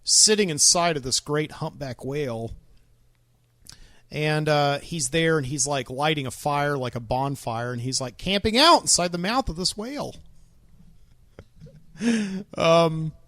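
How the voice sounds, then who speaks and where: A man's voice: fairly high pitch, unhurried, long pauses, a bit bright, no echo. A man hosting his own podcast in a casual solo monologue, rambling and wry, with many ums and uhs. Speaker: podcast host.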